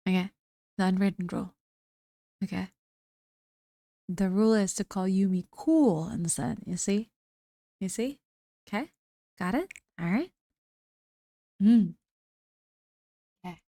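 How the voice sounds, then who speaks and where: A woman's voice: medium pitch, unhurried, pauses often, warm tone, dry recording, studio quality. A woman streamer chatting casually with viewers, reading their messages aloud and answering them, her voice a little worn. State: slightly losing her voice. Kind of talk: casual livestream chat reading.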